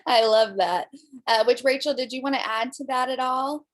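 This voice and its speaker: A woman's voice: high-pitched, normal speed. A woman leading a group class, who speaks encouragingly to the group as their coach.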